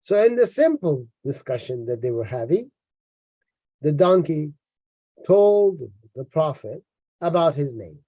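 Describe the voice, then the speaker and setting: Man, high voice but mellow, dry close sound; sarcastic commentator, tired, mocking asides. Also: big pitch swings, unhurried, long pauses, dry recording. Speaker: religious critic reading and commenting on a book. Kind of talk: sarcastic lecture-style commentary.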